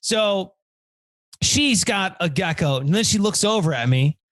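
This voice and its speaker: Man, podcast host, lively swooping voice, dry close sound, swears, acts out characters. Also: high voice, measured pace, no echo. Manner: animated, swears a lot, acts out quoted people. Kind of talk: casual storytelling chat.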